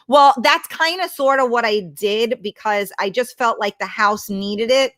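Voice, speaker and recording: Unhurried and with few pauses, a woman with a fairly high, slightly bright voice hosts a casual livestream from home using her laptop mic. She reads viewer comments and chats bluntly, swearing freely.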